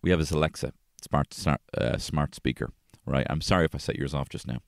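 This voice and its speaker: A man hosting a podcast, telling casual stories about his family, swearing freely and jumping into high-pitched voices when quoting people. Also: brisk, creaky, no room sound, clean studio sound. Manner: swears freely, animated, acts out quotes in a high voice. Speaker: podcast host. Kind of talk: casual storytelling chat.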